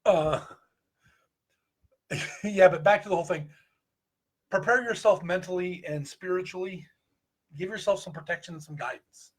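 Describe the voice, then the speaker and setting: A man with a Midwestern American accent talks in a high, husky voice. His delivery is folksy and joking, the easy style of a co-host in a casual group chat about paranormal investigation. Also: moderate pace, long pauses. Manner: joking, folksy advice-giving.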